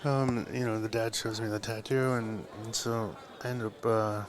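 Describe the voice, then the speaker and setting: A man's voice: on the low side, fairly even intonation, normal speed, background noise. A man, a tattoo artist, telling a long story in a live podcast interview, rambling with lots of fillers and swearing. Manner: rambling, full of fillers and profanity. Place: live event at a tattoo convention. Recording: loud crowd chatter at a live event.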